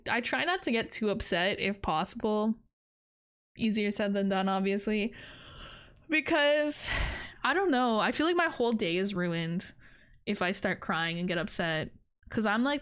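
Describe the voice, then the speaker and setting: A young woman chats on her livestream with a smooth, clean voice at a middle pitch. She rambles loosely and mocks herself, breaking into giggles now and then. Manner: rambling, self-deprecating, giggly. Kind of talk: casual stream chat.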